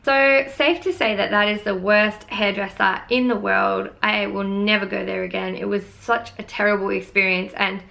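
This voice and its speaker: A young woman tells a storytime vlog with a gravelly edge to her voice. She sounds fed up and vents freely, with casual swearing. Her pitch sits in a middle range. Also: steady tone, moderate pace, few pauses, pushed and bright. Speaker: beauty vlogger.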